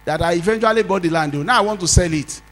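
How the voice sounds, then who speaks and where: A Nigerian man, a pastor, preaching a sermon as a story, swinging from loud exclamations to low asides. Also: very fast, slight background noise, low-quality recording.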